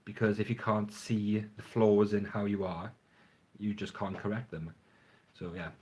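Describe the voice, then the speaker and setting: A man's voice: lowish voice, fairly even intonation, a little slow, a little mellow. Rambling man on a livestream. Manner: rambling, frank, swears casually. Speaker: fragrance reviewer. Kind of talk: casual livestream chat. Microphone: phone front camera.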